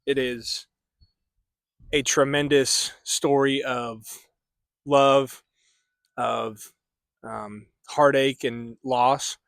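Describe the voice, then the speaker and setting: Young man, halting and rambling vlog book reviewer, mid-pitch voice, dry recording. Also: steady tone, creaky, fairly bright tone, no room sound. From central United States. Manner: rambling, halting, many fillers and restarts. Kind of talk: casual stream-of-consciousness book review.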